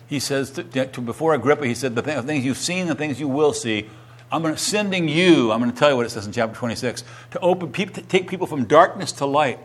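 A middle-aged male pastor preaching a sermon, reading scripture aloud and then retelling it with rising, animated emphasis. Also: a little fast. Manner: animated, rising in pitch and volume when retelling a quoted testimony.

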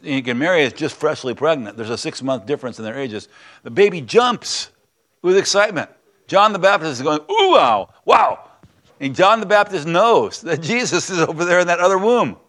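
A man preaching a sermon, reading scripture aloud and adding earnest, emphatic comments in a conversational way. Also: on the high side. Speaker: pastor.

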